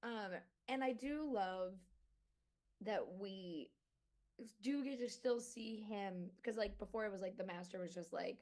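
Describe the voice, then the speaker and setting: A woman's voice: mid-range voice, measured pace, darkish tone. Bubbly rambling woman interviewer. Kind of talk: casual interview chat.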